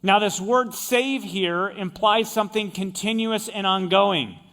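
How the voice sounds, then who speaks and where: High-voiced male pastor preaching. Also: a little slow, pushed and bright. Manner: explains word meanings with emphatic repetition. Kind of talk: sermon.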